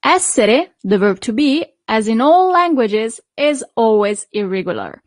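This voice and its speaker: Lady teacher going slow, stretching out words for you to repeat, dry close mic. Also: a little high, sing-song, no echo. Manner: slow, drawn-out model pronunciations for repeating. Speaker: Italian teacher. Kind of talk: online language lesson.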